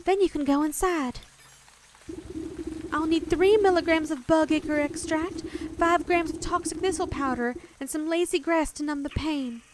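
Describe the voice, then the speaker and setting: A woman voicing a brisk, polite nurse, reading her game dialogue aloud in a matter-of-fact way. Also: high voice, background noise, voice pushed up, close to an everyday voice. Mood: businesslike. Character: brisk, apologetic young woman nurse in a plague town. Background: game music.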